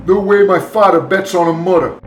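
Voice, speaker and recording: Guy voicing a stubborn doberman goon, argues back, echoey, music low. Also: brisk, close to an everyday voice. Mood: defiant. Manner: defensive, argumentative. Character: tough male Doberman mob lookout, touchy and stubborn. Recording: roomy echo, faint music.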